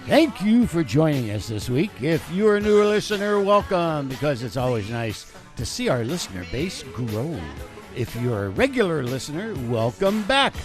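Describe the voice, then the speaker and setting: Lively goofy male co-host. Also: fairly high pitch, moderate pace, hardly any pauses, faint music behind. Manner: goofy, lively, reads announcements. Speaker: podcast co-host. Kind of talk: casual chat.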